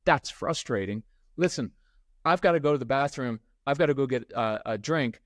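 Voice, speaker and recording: A man's voice: mid-range voice, normal speed, dry recording, studio quality. A middle-aged man speaking as a podcast guest, telling stories and acting out the people in them. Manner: animated storyteller who acts out quotes. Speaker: podcast guest, parenting expert. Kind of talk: conversational interview, storytelling.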